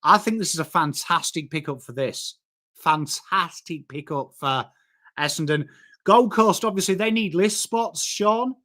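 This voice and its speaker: A slightly high, sharp-toned voice at a measured pace belongs to an Englishman hosting a casual live stream. He reads chat aloud, chats and banters with viewers, and calls them mate.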